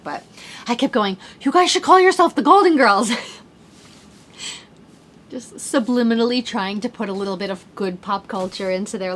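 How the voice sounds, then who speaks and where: A woman's voice: medium pitch, a little hiss or hum. A woman in her thirties hosting a podcast, talking in a bubbly, chatty way and saying "like" a lot. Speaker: podcast host. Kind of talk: casual chat.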